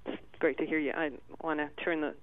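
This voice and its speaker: A man's voice: on the high side, little pitch movement, a little hiss or hum. Tearful man on a tinny phone line. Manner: halting, tearful, many restarts. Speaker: caller. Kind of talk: emotional call-in storytelling.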